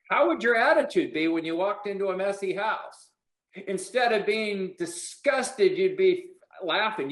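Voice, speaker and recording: Brief: male sales trainer, high-pitched, blunt and preachy, roomy echo. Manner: preachy, blunt, swears casually. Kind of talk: motivational sales coaching.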